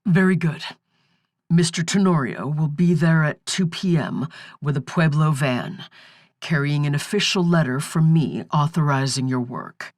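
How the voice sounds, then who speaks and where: A woman voicing a dignified male governor who speaks in a measured, formal way. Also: sits low, a little mellow, no room sound, clean studio sound. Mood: solemn. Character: dignified male tribal governor, grave and courteous.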